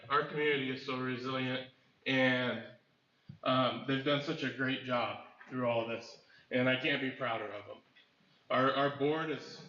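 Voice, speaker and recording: A man's voice: mid-range voice, pushed and bright. Earnest man speaking in an echoey hall. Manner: earnest, hesitant with many fillers. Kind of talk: speech at a community meeting. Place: school meeting hall. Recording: echoey room, slightly dull.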